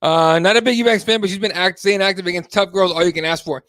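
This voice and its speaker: Hosting a live MMA talk show, this man has a fairly high voice and a quick pace, loose and animated, swearing freely as he reads chat aloud. The recording is close and dry, with no room sound.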